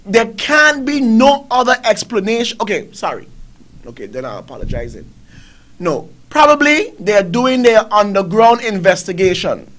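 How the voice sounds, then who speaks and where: A man's voice: sits high, lively intonation, normal speed, fairly bright tone. A middle-aged man, hosting a talk show and ranting angrily, firing off one rhetorical question after another. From Caribbean. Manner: angry, preaching, rhetorical questions. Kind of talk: impassioned commentary.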